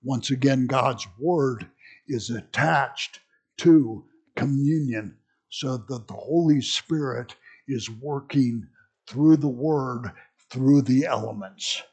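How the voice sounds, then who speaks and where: A man's voice: mid-range voice, slow, a little mellow, breathy edge. A man teaching a church history class in a conversational lecture style, full of fillers and restarts.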